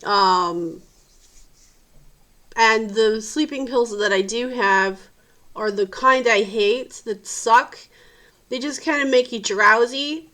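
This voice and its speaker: Exhausted woman vlogger; slightly high, bright voice; profane, exasperated venting. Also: slow, pauses often. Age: adult parent. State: sleep-deprived, tired. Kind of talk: casual venting vlog.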